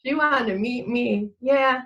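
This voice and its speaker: A woman's voice: a little high, slow, fairly bright tone, dull audio, a little hiss or hum. A middle-aged woman, a guest in a casual chat, telling a rambling story, laughing often and acting out what people said.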